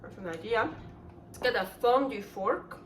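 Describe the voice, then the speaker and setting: Woman, cooking vlog host, enthusiastic and chatty, higher voice, faint noise behind. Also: animated, unhurried. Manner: chatty and enthusiastic, thinking aloud.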